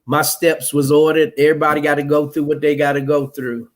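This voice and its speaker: Slow-telling man guest, slightly high. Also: flat delivery. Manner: slow, halting, clears throat, many fillers. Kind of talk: casual storytelling chat.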